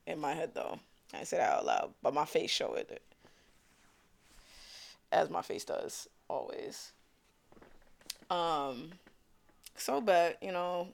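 Slow, gravelly young New York man. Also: high voice. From Brooklyn, New York. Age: young adult. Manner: laid-back, slangy and rambling. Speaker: podcast host. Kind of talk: casual solo podcast chat.

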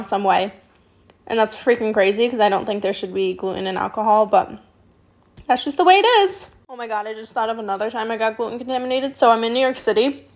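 A young woman podcast host tells stories in a casual monologue, her voice on the high side. She's chatty and animated, saying "like" a lot, swearing, and laughing often.

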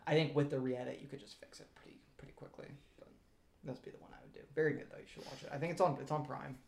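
A young man co-hosting a casual film podcast, rambling through stories with lots of fillers and trailing off quietly. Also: medium pitch, steady tone, fast, gravelly, roomy sound. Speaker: podcast co-host. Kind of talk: casual chat.

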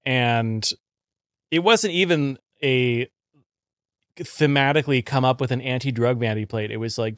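A man's voice: medium pitch, normal speed, dry recording, clean studio sound. A man, a podcast co-host, telling a story in casual chat and acting out what others said. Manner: storytelling, quoting people in put-on voices.

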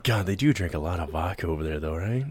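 A man's voice: low voice, expressive, quick pace. A man hosting a podcast in casual chat, joking, rambling and laughing often. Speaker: podcast host.

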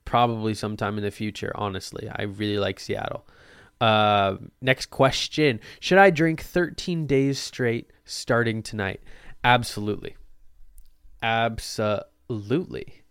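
A man's voice: lowish voice, unhurried, fairly bright tone, smooth, no room sound, clean studio sound. A young man hosting a casual solo podcast, answering listener questions in a loose, jokey way and swearing freely. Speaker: podcast host. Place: Portland.

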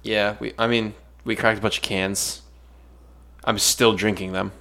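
A man's voice: lowish voice, flat delivery, unhurried, gravelly, pushed and bright. A man co-hosting a podcast in laid-back, joking chat. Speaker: podcast co-host. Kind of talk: casual chat.

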